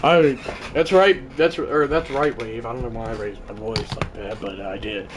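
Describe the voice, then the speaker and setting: A man hosting a live stream, calling a video game baseball match, shouting at big moments and mumbling goodbyes to chat. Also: moderate pace, slight background noise. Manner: excitable, shouts celebrations then drops to low mumbles. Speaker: livestream host.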